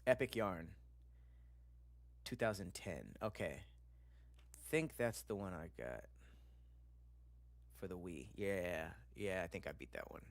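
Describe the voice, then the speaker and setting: Animated casual male streamer, dry close mic. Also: deep voice, takes it slowly, pauses often, no echo. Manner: loose and animated, casual slang, swearing and laughing. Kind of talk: casual livestream chat, reacting to videos and reading comments.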